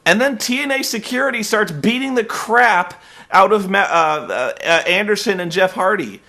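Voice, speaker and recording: A man with a somewhat high, tense, bright voice hosts a comedic review. He rants through a recap with sarcasm and plenty of swearing. He rambles on fillers and grows openly exasperated. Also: lively intonation, normal speed. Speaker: host reviewing wrestling.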